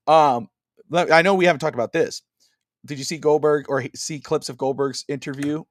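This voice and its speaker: A man's voice: fairly high pitch, quick pace, no room sound, clean studio sound. A man co-hosting a casual wrestling podcast over a video call, rambling with many fillers and restarts. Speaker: podcast co-host.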